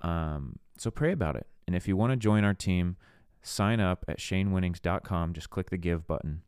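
Deep-voiced earnest male preacher. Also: moderate pace, darkish tone, clear, resonant tone, no room sound, clean studio sound. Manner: earnest, conversational, slips into voicing skeptics. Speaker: preacher and podcast host. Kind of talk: casual sermon-style teaching.

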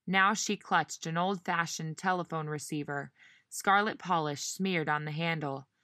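A woman narrating a novel in measured storytelling style, giving each character a voice. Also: sits low, bright, forceful tone, no echo, studio quality. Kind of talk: audiobook narration.

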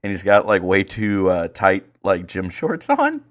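A man co-hosting a podcast, telling stories in casual chat, animated and full of swearing. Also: low voice, unhurried. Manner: profane, animated storytelling. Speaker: podcast co-host.

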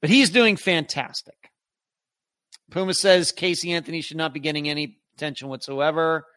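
A man's voice: on the high side, fairly even intonation, normal speed, fairly bright tone, no echo, studio quality. A middle-aged man hosting a live podcast, reading viewer comments aloud in a rambling, chatty way with many restarts. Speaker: podcast host.

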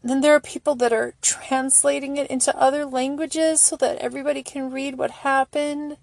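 A middle-aged woman and single mother giving a casual, emotional commentary as she reads fan charity posts aloud, gushing and slowing down to read. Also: high voice, level tone, creaky, a little mellow, no room sound.

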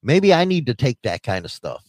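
Crude, lively man on a dry mic. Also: medium pitch, normal speed, no echo. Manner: crude, profane and joking. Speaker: podcast co-host. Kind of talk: casual chat.

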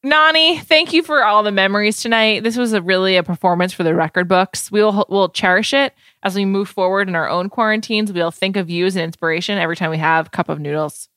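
A woman's voice: medium pitch, a little fast, hardly any pauses, smooth, no room sound. Chatty woman, dry close sound. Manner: chatty, animated, says "like" often. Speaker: podcast co-host. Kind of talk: casual chat.

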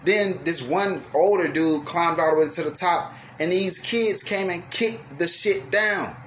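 A young man with a high-pitched voice rants as host of his own radio show, cursing freely and veering between yelling and apology. Faint ambient noise sits under his voice. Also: unhurried. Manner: profane, heated, swings from yelling to apologetic. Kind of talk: ranting monologue.

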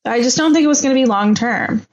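A woman's voice: on the high side, fast talker, lo-fi sound. A woman co-hosting a podcast, chatting casually and enthusiastically about reality TV and her hobbies. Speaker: podcast co-host. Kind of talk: casual chat.

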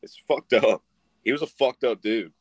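A man's voice: medium pitch, moderate pace, no echo. A young man in casual chat, rambling and profane, laughing as he retells a story and acting out the voices in it.

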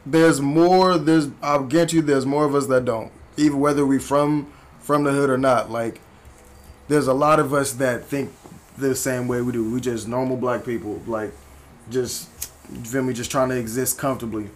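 A man's voice: medium pitch, moderate pace, slight background noise. Young man in casual slang-heavy chat. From South Berkeley, California. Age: 20s. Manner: relaxed slang-heavy, many "like" fillers. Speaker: podcast co-host.

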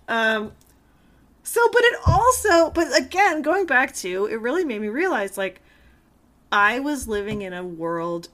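A young woman chatting casually, with a bright and fairly high voice. Her pitch swings widely as she acts out what people said, dropping in swear words freely. The talk is loose and animated. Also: unhurried. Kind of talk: casual chat.

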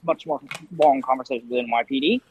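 A man's voice: mid-range voice, fast talker, highs cut off, slight background noise. A man playing his character in a tabletop game, hesitant and full of fillers. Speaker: player. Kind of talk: casual in-character play.

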